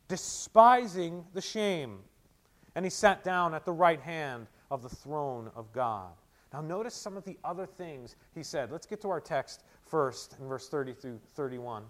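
Dynamic, emphatic preacher man. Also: fairly high pitch. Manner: dynamic preaching, swings from quiet teaching to loud emphatic proclamation. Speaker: pastor. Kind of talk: sermon.

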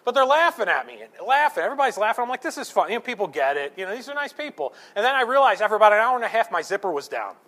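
A middle-aged male pastor preaching a sermon, animated, telling stories and asking the congregation rhetorical questions. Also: sits high, rapid-fire, hardly any pauses. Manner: animated storytelling with acted-out quotes and rhetorical questions.

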